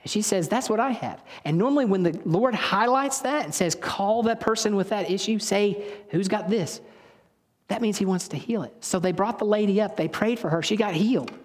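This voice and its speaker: A man's voice: high voice, normal speed. A man preaching a sermon in a casual, storytelling way, often stopping to correct himself. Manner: conversational, storytelling, self-correcting. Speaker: pastor. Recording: long reverb of a hall.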